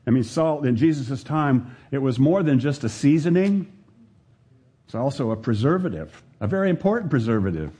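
A man's voice: mid-range voice, dark tone, husky. A man preaching a sermon to his congregation, earnest and building, with rhetorical questions to the listeners. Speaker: pastor. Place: church service with a congregation.

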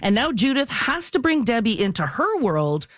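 A woman working as a film and TV critic, giving an enthusiastic, lively radio review in a casual tone. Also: a little high, normal speed, noisy background. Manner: enthusiastic, animated storytelling.

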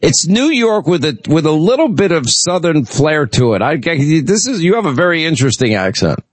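A man's voice: a little high, big pitch swings, a little fast, no echo. A man hosting a call-in radio show, telling rambling, chatty stories with lots of restarts. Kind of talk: casual talk radio chat.

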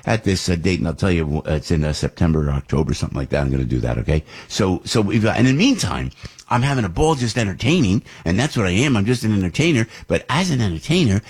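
Guy hosting a talk show, husky, rambles and repeats himself, really animated. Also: deep voice, quick pace. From New Jersey. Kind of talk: political talk show monologue.

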